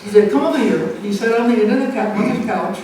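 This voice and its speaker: A woman's voice: mid-range voice, fairly even intonation, fast talker, dark tone. A woman in her nineties telling a personal story at a community center gathering, acting out the voices of the people in it and laughing as she goes. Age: 90s. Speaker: storyteller at a family event. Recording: echoey hall, mic far off, faint hum.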